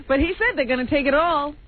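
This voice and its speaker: A woman's voice: sits high, a little fast. A woman co-hosting a radio show, chiming in casually and laughing often. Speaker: radio co-host. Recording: tinny broadcast with faint noise.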